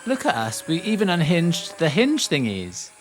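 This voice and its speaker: A young man hosting a casual home vlog, playful and camp, breaking into sudden squeals of excitement. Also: on the high side, normal speed, a little hiss or hum. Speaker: vlog host.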